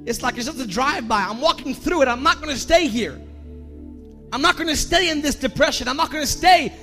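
A man preaching a sermon as pastor, emotional and personal, building to a shouted climax with repeated lines. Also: extremely high pitch, animated, a little fast, faint music behind.

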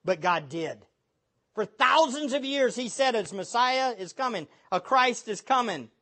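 Emphatic preacher with a lively voice. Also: medium pitch, measured pace. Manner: emphatic, building to loud exhortation; reads scripture aloud. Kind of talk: sermon.

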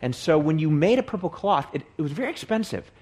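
Bible teacher, male, slightly high voice with lively swings in pitch, restates points to make them stick. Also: quick pace. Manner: explains and restates points, repeating phrases for emphasis.

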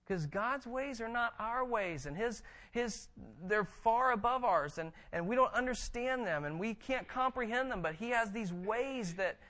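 A man preaching a conversational sermon, reading scripture and explaining it with animated tag questions. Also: sits high. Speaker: pastor.

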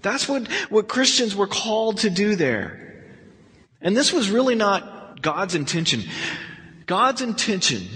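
High-voiced man teaching Bible study, echoey hall. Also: a bit bright. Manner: conversational, emphatic, with frequent restarts. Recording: long hall reverb.

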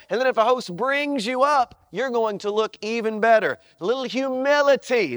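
A male pastor delivers a sermon with a very high voice. He talks conversationally but hammers points home with repeated phrases. The recording is dry and close. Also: very animated, moderate pace, few pauses, fairly bright tone, no room sound. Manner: emphatic, repetitive, conversational.

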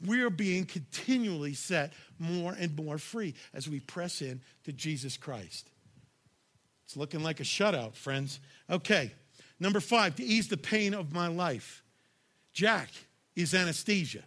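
A man's voice: high voice, expressive, measured pace, fairly bright tone. A man preaching a sermon as pastor, talking straight to his listeners in a punchy, emphatic way and raising his voice on key lines. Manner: conversational, addresses audience directly.

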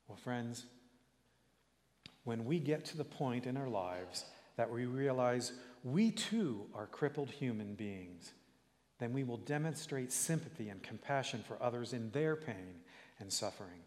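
A man's voice: medium pitch, lively intonation, a little mellow. Earnest male preacher in an echoey church. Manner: earnest, measured storytelling with rising exhortations. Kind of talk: sermon.

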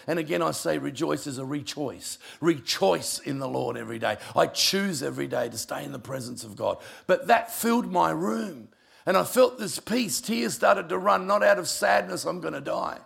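An older man, a pastor telling personal stories in a sermon, emotional and conversational, with a gravelly voice. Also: a little high. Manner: emotional, conversational storytelling with asides. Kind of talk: sermon storytelling.

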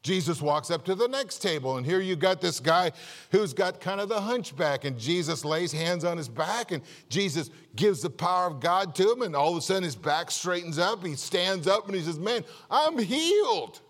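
A man pastor preaching a sermon, telling a joke-filled story in a lively way and often repeating words. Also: high voice, normal speed, long reverb tail. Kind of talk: sermon with jokes. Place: church.

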